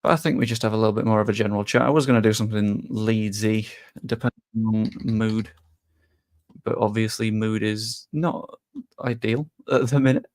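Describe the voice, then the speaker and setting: A man's voice: on the low side, fairly even intonation, moderate pace, a little mellow. A man chatting casually on a live stream, rambling a little and answering viewers' messages. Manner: rambling, reads chat aloud and answers it.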